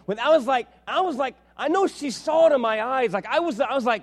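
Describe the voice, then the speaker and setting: A man preaching a sermon as a pastor, telling a story with lively acted-out dialogue. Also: very high-pitched, fast talker, few pauses. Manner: animated storytelling, acts out dialogue with big swings in loudness. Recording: long reverb of a large hall.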